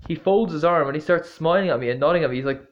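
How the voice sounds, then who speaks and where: With a voice on the high side and a rapid-fire delivery, a man vlogs a casual, meandering story, restarting often and leaning on fillers. He swears and sounds blunt and exasperated as he retells it. The audio is lo-fi and dull.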